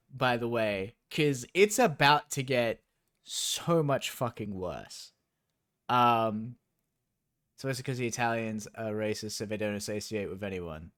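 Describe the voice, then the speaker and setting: Slow-talking, swearing male streamer. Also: mid-range voice, a bit bright. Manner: incredulous, profane, sarcastic asides. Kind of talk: reading a story aloud on stream with commentary.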